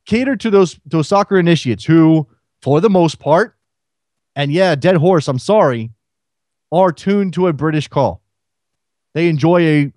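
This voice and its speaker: Guy doing sports radio, kinda high voice, dry close mic, keeps asking the audience questions. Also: no echo. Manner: rhetorical questioning, animated. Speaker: radio show host. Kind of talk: solo call-in radio talk.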